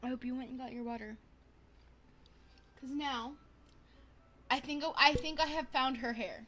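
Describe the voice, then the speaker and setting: A young woman streaming a life-sim game, chatting casually to viewers in a bubbly, excitable way, gasping and repeating herself. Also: high-pitched, unhurried, slight background noise. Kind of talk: casual gaming stream chat.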